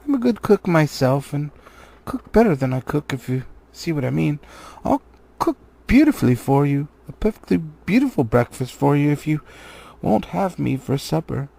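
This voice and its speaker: A jittery little hobbit in a storybook reading, his voice pitched well up as he stammers and begs, put on by a man. The sound is gravelly and husky underneath, anxious and pleading. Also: sing-song, moderate pace, dark tone, heavily acted. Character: small frightened male hobbit, pleading.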